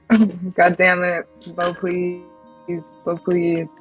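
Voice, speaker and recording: A woman playing a tabletop game, making playful, quick asides. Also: fairly low pitch, monotone, slightly rough, highs cut off, soft background music. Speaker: player. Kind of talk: casual tabletop play.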